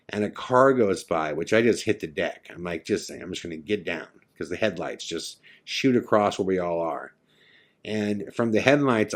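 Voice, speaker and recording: A man from California, a podcast host, vividly telling a first-person ghost story and acting out the lines of the people in it. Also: sits low. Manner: vivid, acts out his own and others' lines. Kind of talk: dramatic storytelling.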